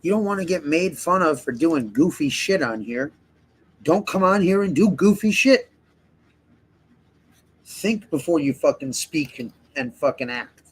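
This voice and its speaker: A man's voice: on the high side, animated, unhurried, husky, rough recording. Rambling, profane man ranting on a stream. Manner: rambling and profane, heavy swearing; heated ranting. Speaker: livestream host. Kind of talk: casual livestream chat.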